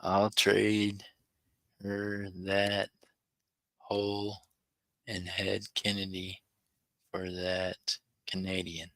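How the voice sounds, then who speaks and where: A chatty man hosts a coin-roll livestream, his low voice bright and forward. He talks to viewers by name and gets excited over small finds. The sound is close and dry, with no room around it. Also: extremely slow, pauses often, no room sound. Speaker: livestream host searching coin rolls. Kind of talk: casual livestream chat with viewers.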